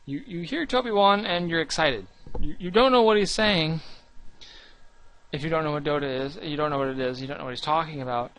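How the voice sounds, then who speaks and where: A young man with a slightly high voice, talking casually about his gaming channel. He rambles, restarts often and puts himself down. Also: a little fast, a bit bright. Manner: rambling, restarts often, earnest and self-deprecating.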